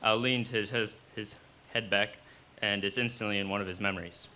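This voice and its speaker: A man reading his own fiction aloud at a live cafe event, in steady storytelling narration. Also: lowish voice, normal speed, a little hiss or hum.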